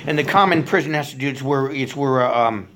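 A woman's voice: a bass voice, a little fast, a bit bright. A woman preaching an informal Bible teaching, rambling with many fillers and restarts.

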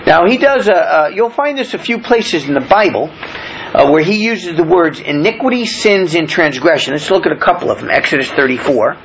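A man's voice: a little high, animated, normal speed, gravelly, a bit bright. A man preaching verse by verse, reading scripture aloud and then explaining it in plain words, with frequent fillers and restarts. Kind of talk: verse-by-verse Bible teaching. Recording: dull lo-fi recording with faint noise.

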